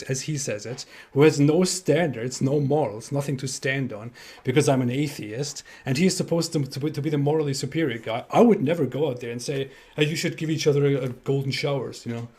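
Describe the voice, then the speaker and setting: A man's voice: medium pitch, a little mellow, husky. A man in casual live-stream chat, indignant and sarcastic, restarting his phrases often. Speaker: co-host.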